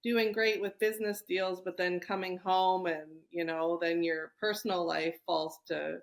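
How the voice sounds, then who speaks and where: A woman's voice: lowish voice, level tone, a little slow, vocal fry. A woman guest in a podcast interview, speaking reflectively with frequent restarts. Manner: reflective, many restarts and fillers. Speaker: guest entrepreneur. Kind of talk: conversational interview.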